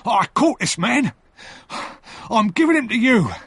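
A man voicing a rough, desperate convict who speaks loudly and defiantly. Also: a little high, big pitch swings, unhurried, dry recording, pitched above the performer's own voice, heavily acted. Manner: loud, forceful and defiant. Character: rough desperate male convict, fierce and bitter.

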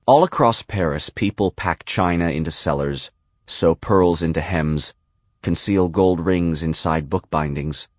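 Deep guy reading an audiobook, calm and even, dry close mic. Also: measured pace, dry recording. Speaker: audiobook narrator. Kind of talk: scripted narration.

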